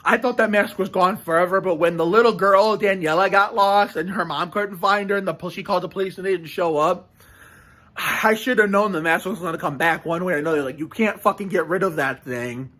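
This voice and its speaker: A man's voice: high-pitched, a little fast, pushed and bright. A man casually reacting to a show on camera, rambling with frequent restarts and swearing. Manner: rambling, profane, many restarts.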